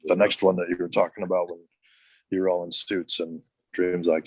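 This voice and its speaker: A man's voice: low-pitched, flat delivery, fairly quick, no room sound. A man, a former wrestler, telling casual stories as a podcast guest, full of "like" and restarts. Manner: rambling, heavy use of "like".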